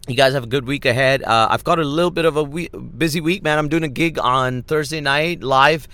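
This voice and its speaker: A man's voice: a little high, fairly quick, sharp tone, dry recording. A man, a comedian and podcast host, telling a story in a rambling, self-deprecating monologue and laughing as he talks. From Middle East.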